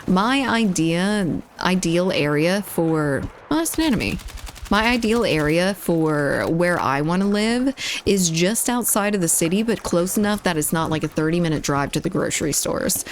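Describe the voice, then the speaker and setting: Low-voiced woman streamer chatting. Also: expressive, moderate pace, a little hiss or hum. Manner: rambling, chatty, reacts to the game and chat mid-sentence. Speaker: game streamer. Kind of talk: casual chat while gaming.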